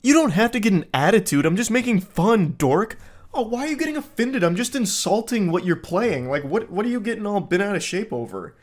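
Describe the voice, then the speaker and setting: Guy doing a smug whiny gamer bro, high and sneery, drags his words out all mocking. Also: big pitch swings. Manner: high, sneering, drawn-out mockery. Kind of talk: mocking read-aloud of text messages.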